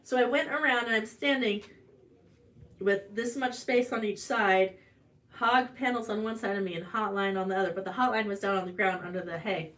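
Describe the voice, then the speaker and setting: This woman, speaking with an Ozark American accent, is hosting a live stream for a farm channel and telling a personal story. She's chatty, full of fillers and restarts, with fairly even intonation, a moderate pace and a fairly bright tone. Her voice climbs high on the emotional parts.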